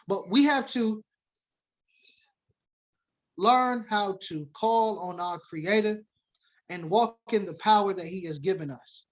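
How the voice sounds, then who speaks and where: A man's voice: high-pitched, unhurried, pauses often, poor audio. A man teaching a sermon-style Bible lesson to a congregation, reading scripture aloud and defining words, switching between emphatic preaching and casual asides.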